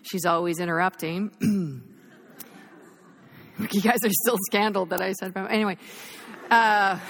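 A woman in her thirties preaching an animated sermon in a chapel, telling a story with laughter. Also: medium pitch, unhurried, creaky, slight background noise.

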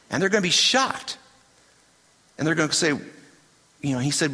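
A man's voice: a little high, big pitch swings, normal speed, long pauses, pushed and bright, slightly rough. A man preaching a sermon as pastor, emphatic and conversational, with self-deprecating asides. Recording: hall reverb.

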